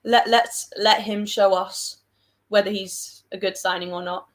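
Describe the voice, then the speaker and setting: A woman's voice: medium pitch, fairly even intonation, measured pace. A young woman from England with a southern English accent, rambling casually on a livestream, joking at her own expense and reading out comments from viewers. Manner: chatty, rambling, self-deprecating, reads out viewer comments. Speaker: livestream host.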